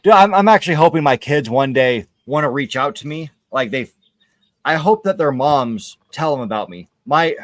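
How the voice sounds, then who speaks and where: A man chats loosely while he plays on a livestream, his voice sitting a little higher than most. He speaks frankly and rambles, with lots of pauses and restarts. The sound is dry and close, with no room echo. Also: animated, a bit bright. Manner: candid, rambling, many hesitations. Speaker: livestream gamer host. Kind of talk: casual chat while gaming.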